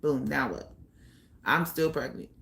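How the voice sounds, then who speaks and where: A young woman telling her own life story in a candid, blunt way, pausing often with fillers. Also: low voice, vocal fry, a bit bright. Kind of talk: personal storytelling monologue.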